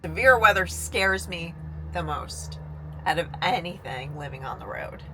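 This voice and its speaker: A woman talking frankly to her camera in a casual travel vlog, recorded on a handheld phone in her truck at a highway rest area. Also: measured pace. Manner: frank, confiding, lively ups and downs. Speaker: vlogger traveling solo by truck camper. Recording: noisy with wind and vehicle sounds.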